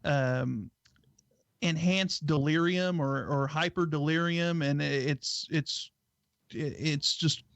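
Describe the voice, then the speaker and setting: Man, higher voice, earnest explaining, dry muffled stream audio. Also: fairly even intonation, slow, creaky, a bit bright, dry recording. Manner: earnest, explaining, lots of "you know" and "right?". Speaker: co-host. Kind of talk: casual chat.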